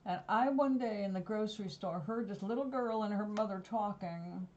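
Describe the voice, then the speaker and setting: Warm-voiced New woman rambling. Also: mid-range voice, moderate pace, a little hiss or hum. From New York. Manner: rambling, digressive storytelling. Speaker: vlogger. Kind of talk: casual chat. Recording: slightly dull lo-fi recording.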